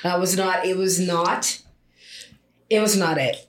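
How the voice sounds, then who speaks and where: A woman's voice: fairly low pitch, fairly even intonation, unhurried. Chatty teasing woman in a roomy echo. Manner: teasing, chatty, laughs often. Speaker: podcast co-host. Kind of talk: casual chat. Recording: roomy echo with faint noise.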